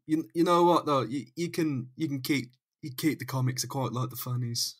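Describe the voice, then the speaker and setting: A man's voice: medium pitch, moderate pace, breathy edge. A man, co-hosting a podcast and riffing on absurd jokes. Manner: jokey, riffing on absurd scenarios. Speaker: podcast co-host. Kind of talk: casual comic chat.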